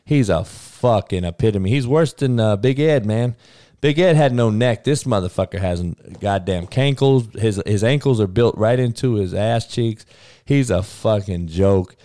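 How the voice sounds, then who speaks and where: A man's voice: on the low side, normal speed, mellow, no echo, clean studio sound. A middle-aged man hosting his own podcast, talking in a brash, profane, rambling way and tacking "man" onto his sentences. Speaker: podcast host. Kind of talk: casual solo podcast rant.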